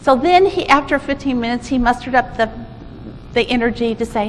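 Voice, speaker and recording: A woman's voice: a little high, a little fast. A woman giving a conference talk, telling a story in an informal, self-correcting way, recorded in a conference hall. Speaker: conference presenter. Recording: echoey hall with faint noise.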